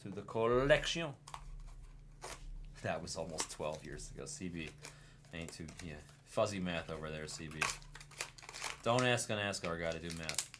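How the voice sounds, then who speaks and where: A man hosting a live card break, commenting in a casual, excitable way and teasing his chat. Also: sits low, moderate pace, pauses often, noisy background.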